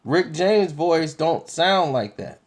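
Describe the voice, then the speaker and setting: A man talking casually to his viewers in an unhurried, conversational way, laughing easily. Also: fairly high pitch, animated. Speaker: video commentator.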